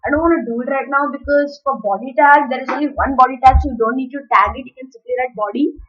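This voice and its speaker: A woman with a high voice walks through a coding tutorial, explaining each step as she types and correcting herself along the way. The recording sounds dull and lo-fi. She keeps an easy, teaching tone. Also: fast talker. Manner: explains step by step while typing, self-corrects.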